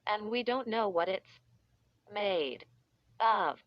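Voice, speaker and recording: A woman puts on a panicked mother in a storybook reading, her voice dropping lower and heavier as she shouts and scolds. The delivery is slow, and the audio is dry and a little dull. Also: expressive, no room sound. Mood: scolding. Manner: alarmed, scolding. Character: frantic panicking mother of young children. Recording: dull, slightly muffled audio.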